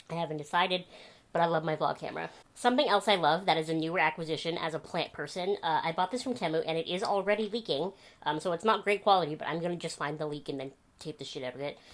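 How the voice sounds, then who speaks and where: A young woman talks casually to her camera from her bedroom, her voice sitting a little low. She tells stories in a chatty, animated way and laughs easily as she goes. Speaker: vlogger. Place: home bedroom.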